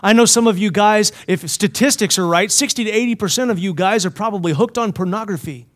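A high-pitched man delivers a sermon to a Bible college chapel. He keeps asking his listeners questions and swings between forceful emphasis and quiet, hushed lines. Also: brisk. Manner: asks the listeners many questions. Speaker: preacher.

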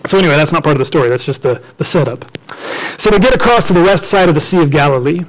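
A man preaching a storytelling sermon, lively and joking as he acts out the characters. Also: fairly high pitch, racing, poor audio.

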